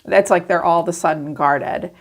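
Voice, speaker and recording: Gravelly low-voiced woman reading tarot. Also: moderate pace. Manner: chatty, acts out quoted thoughts in animated asides. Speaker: tarot reader.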